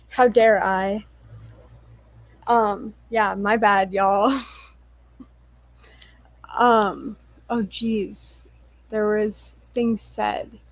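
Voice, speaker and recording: A woman's voice: fairly high pitch, no room sound, low-quality recording. A young woman chatting on a livestream, a little tipsy, giggly and apologetic, swearing casually as she reads comments. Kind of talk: casual livestream chat reading viewer comments.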